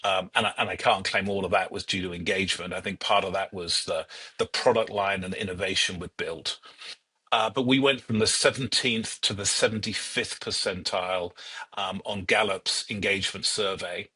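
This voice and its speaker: A man's voice: deep voice, steady tone, moderate pace, pushed and bright, husky. A middle-aged British man, a podcast guest and HR executive, telling stories in a chatty, self-deprecating way with many ums. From United Kingdom. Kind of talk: casual storytelling interview.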